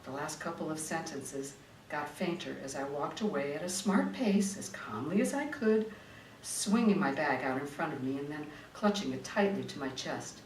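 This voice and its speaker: A woman's voice: low-pitched, expressive, normal speed. A woman author, a former tabloid reporter, reading her memoir dramatically and then chatting in an interview, recorded from a distance in a roomy room. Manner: vivid, dramatic reading; chatty, restarting in talk. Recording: roomy room, distant mic, faint noise.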